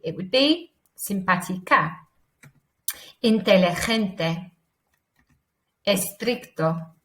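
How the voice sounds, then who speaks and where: An English woman teaching a beginner Spanish lesson, encouraging and slowing down to model each word twice for pupils to repeat. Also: high voice, fairly bright tone. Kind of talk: recorded online language lesson.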